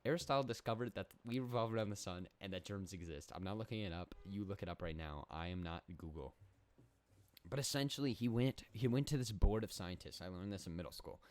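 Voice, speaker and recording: A young man delivers a comedic solo monologue with mock-serious confidence. He rambles, doubles back and corrects himself. His voice sits on the low side. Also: brisk, darkish tone. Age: young adult. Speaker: podcast host.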